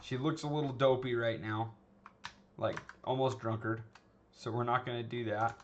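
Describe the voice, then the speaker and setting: A male animation instructor with a medium-pitched, steady voice talks at a normal speed in a screen-recorded tutorial, teaching casually, often asking "okay?" and "right?" and restarting sentences. The sound is lo-fi with a little hiss or hum.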